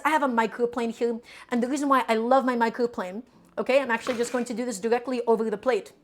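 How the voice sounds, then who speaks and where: A woman from Brooklyn who hosts a live cooking stream, explaining each step as she cooks and answering viewers' questions in a chatty way. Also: a little high. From Brooklyn, New York.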